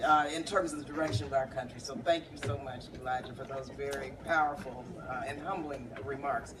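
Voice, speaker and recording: A woman's voice: extremely low pitch, fairly even intonation, brisk. A woman, a congresswoman hosting a reception, speaking conversationally with wry laughs, recorded from a distance. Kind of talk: speech introducing speakers. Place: bar reception room, indoors. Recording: distant camera with background noise.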